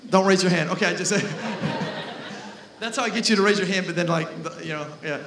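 A male pastor preaching a sermon with lots of energy. He jokes with the congregation and shouts for emphasis. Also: sits high, moderate pace, roomy sound, background noise. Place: church hall.

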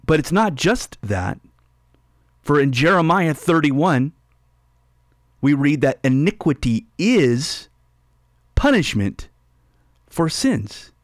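A man's voice: a little high, very animated, takes it slowly, pauses often, no echo, clean studio sound. A man hosting a radio Bible teaching show with callers, speaking emphatically and repeating key phrases for stress.

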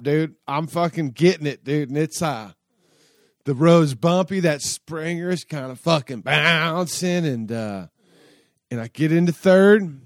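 A man's voice: a little high, dry recording, studio quality. A man telling a long casual story in a rambling, profane way, full of fillers and restarts. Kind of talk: casual spoken anecdote.

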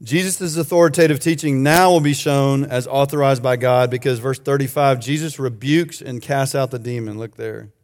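A man's voice: mid-range voice, fairly even intonation, normal speed, hardly any pauses, darkish tone. A man preaching a sermon in a conversational way, explaining a passage verse by verse with joking asides to the congregation. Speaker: pastor.

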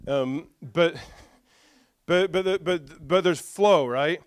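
A man with a slightly high, smooth and resonant voice preaches in a lively storytelling style. He acts out conversations, slips in jokes and addresses his listeners directly. The sound is dry and close. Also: slow, no echo. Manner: lively storyteller who acts out dialogue with humor. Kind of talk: storytelling sermon.

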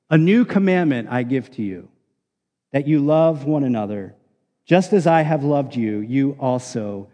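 A man's voice: on the high side, dark tone, in a large hall. A man preaching a sermon, explaining scripture in an earnest, emphatic teaching manner with frequent restarts. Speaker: pastor.

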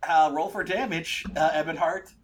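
Game master, a man with a fairly high voice, stumbling through narration. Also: fairly even intonation. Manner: halting, full of fillers and restarts.

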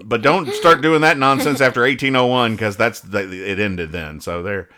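A man's voice: mid-range voice, moderate pace, bright, forceful tone. A man co-hosting a comedy podcast, rambling and over-explaining the jokes in comics. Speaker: podcast co-host. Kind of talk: casual comedic chat.

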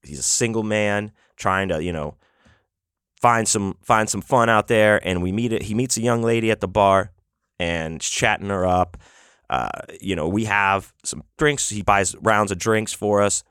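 A man's voice: on the low side, a little slow, a bit bright, clean tone, no room sound, studio quality. A man hosting a podcast, telling a road story in a rambling, profane, casual way with lots of fillers and restarts. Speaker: podcast host.

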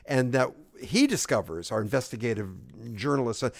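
A man co-hosting a podcast, recorded close and dry with no room sound. He prompts with short questions and chimes in with quick agreement. His pitch sits in the middle. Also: expressive, gravelly, no room sound. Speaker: podcast co-host. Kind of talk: casual chat about movies.

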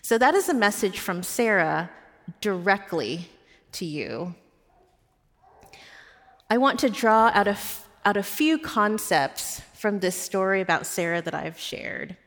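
A woman pastor preaching in an earnest, storytelling manner. Her voice sits in a middle pitch and carries a long reverb, as if it fills a large church hall. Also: animated, measured pace. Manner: personal storytelling, warm and earnest. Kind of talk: sermon.

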